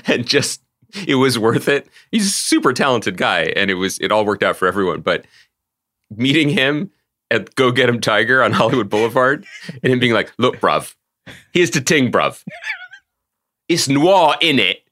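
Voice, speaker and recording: A man's voice: mid-range voice, moderate pace, pushed and bright. A man co-hosting a podcast, chatting casually with lots of laughter and teasing. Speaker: podcast co-host. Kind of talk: casual chat.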